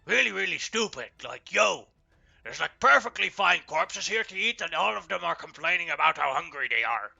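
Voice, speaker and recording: A man's voice: fairly high pitch, animated, moderate pace, vocal fry, pushed and bright, breathy edge, dull audio, full character voice. A man voicing a brash, boastful male lizardfolk raider leader who talks in blunt, broken sentences during live tabletop role-play. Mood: cocky. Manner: blunt broken speech, cocky and dismissive.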